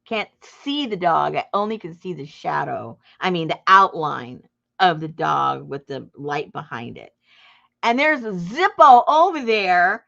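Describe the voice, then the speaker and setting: A middle-aged woman telling a story to her viewers in a casual, animated way, breaking into laughter and loud acted outbursts. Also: on the low side, measured pace, gravelly. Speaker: junk journal crafter and channel host. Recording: dull lo-fi home recording.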